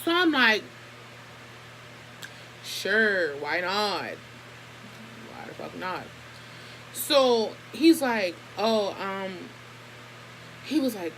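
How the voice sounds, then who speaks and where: A woman's voice: fairly high pitch, a little hiss or hum, low-quality recording. A young woman telling a family story to her camera in a casual, profane and heated way. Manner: profane, animated, heated retelling. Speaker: vlogger.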